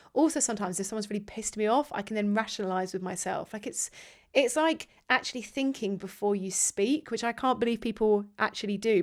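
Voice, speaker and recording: A woman hosting a podcast, chatting casually, jokey and quick to swear. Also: mid-range voice. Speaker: podcast host, editor. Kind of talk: casual chat.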